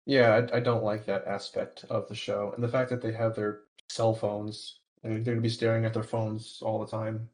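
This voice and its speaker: A man's voice: lowish voice, level tone, normal speed, few pauses, a little mellow. A man chatting casually as a podcast guest, hesitant with many ums and restarts. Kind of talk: casual chat.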